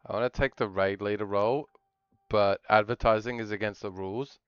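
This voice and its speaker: A man with a low, smooth, resonant voice chats his way through a live stream, jokey and rambling, often trailing off and restarting his thoughts. The sound is dry and a bit muffled. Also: fairly even intonation, brisk, dry recording. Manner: rambling, jokey, self-interrupting. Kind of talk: casual live-stream chatter.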